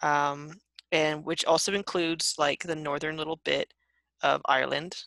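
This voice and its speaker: A woman's voice: deep voice, little pitch movement, unhurried, gravelly, fairly bright tone, dry recording. A woman hosting a casual chat, curious and hedging with fillers. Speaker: host.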